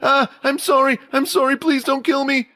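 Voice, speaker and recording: A man's voice: very high-pitched, steady tone, moderate pace, sharp tone, no echo, voice pushed up. A man voicing a panicked young male student who shrieks and begs in terror, in a dramatized audio story.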